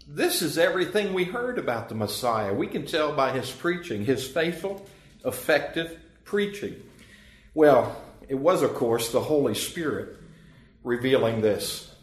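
Emphatic preaching man in echoey room. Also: medium pitch. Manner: earnest, emphatic preaching with rising and falling emphasis. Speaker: pastor. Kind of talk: sermon.

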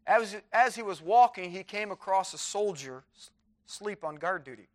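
Male preacher, sermon, high voice, reads scripture aloud, fervent delivery. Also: lively intonation, normal speed. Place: chapel.

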